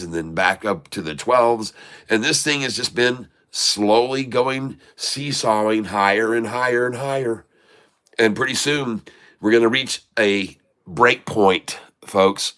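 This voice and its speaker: A man's voice: fairly low pitch, a bit bright, clean tone. A man from the United States hosting a casual stock market livestream, joking and folksy, often calling his viewers folks.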